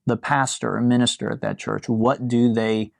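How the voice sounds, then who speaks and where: Gravelly-voiced male yoga teacher. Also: medium pitch, normal speed, dry recording, studio quality. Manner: relaxed, musing, lightly amused, mimics voices in quotes. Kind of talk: talking to a class during yin yoga.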